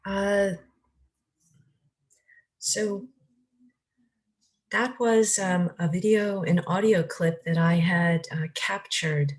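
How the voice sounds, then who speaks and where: A woman hosting her own channel, talking casually and haltingly with many pauses and fillers. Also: fairly low pitch, fairly even intonation, rough recording. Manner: halting, many ums and uhs. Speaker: channel host. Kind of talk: casual spoken commentary.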